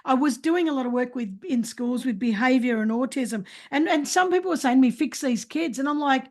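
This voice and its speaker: High-voiced woman in her sixties. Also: fairly quick. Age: 60s. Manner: emphatic and animated, frequent restarts. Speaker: podcast host. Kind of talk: casual interview chat.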